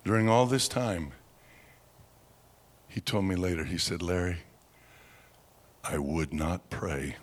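A man preaching by telling a dramatic story, slow and vivid, acting out sounds and voices. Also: low voice. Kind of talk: storytelling sermon.

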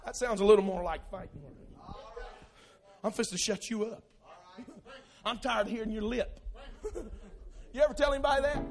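A man preaching a sermon in a church, loud and gravelly, swinging from low asides to shouted lines. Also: fairly quick, long pauses, over music.

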